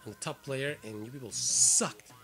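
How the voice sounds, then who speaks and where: A man giving excitable, swearing let's play commentary while he plays. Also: mid-range voice, normal speed. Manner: excitable, swearing, trash-talking. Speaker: gamer. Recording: game music clearly behind voice. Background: game music.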